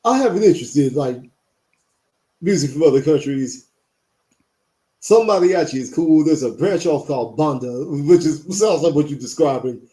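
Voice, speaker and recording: A man's voice: a little high, lively intonation, normal speed, warm tone. A man chatting casually as a podcast co-host, blunt and profane. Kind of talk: casual chat.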